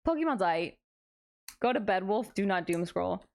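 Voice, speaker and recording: Speaking at a moderate pace, this young streamer has a medium-pitched, expressive voice with vocal fry and a slightly mellow quality. She's a VTuber on a late-night stream, tired and giddy, playful and self-mocking as she reads out chat messages and responds.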